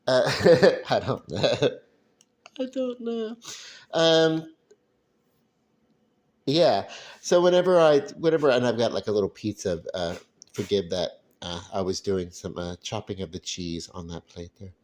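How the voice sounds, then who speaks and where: Brief: low-voiced guy rambling at home while cooking, laughs at himself. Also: animated, measured pace. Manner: rambling, self-deprecating, chuckling. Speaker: vlogger. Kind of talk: casual cooking vlog. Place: home kitchen at night.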